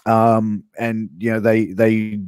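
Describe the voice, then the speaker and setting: Halting man with a dark voice. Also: on the low side, little pitch movement, smooth, no echo. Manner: halting, with many fillers. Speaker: podcast host. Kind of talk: casual podcast chat, reading facts.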